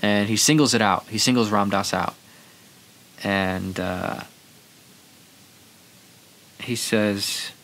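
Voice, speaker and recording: Gravelly low-voiced man telling stories. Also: steady tone, slow, long pauses, fairly bright tone. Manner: rambling, loose storyteller acting out quotes. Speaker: podcast host. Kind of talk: casual storytelling monologue.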